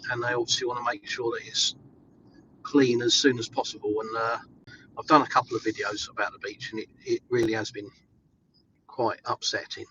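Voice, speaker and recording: Here an Englishman vlogs live from behind the wheel, answering viewer questions in a relaxed, cheerful way, um-ing often. He speaks a little fast at medium pitch, with a level, sharp tone. The sound is lo-fi with a touch of hiss or hum.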